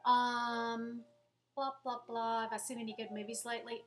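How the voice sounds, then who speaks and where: A woman chats to her camera at home in a rambling, self-deprecating way. Her voice sits a little high and comes across bright and sharp. Soft music plays faintly behind her. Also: little pitch movement, normal speed. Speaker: vlogger. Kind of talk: casual chat to camera.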